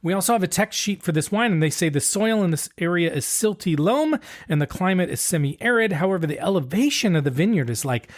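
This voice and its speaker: A man's voice: high-pitched, lively intonation, brisk. Laid-back man explaining as podcast co-host. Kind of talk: casual podcast chat.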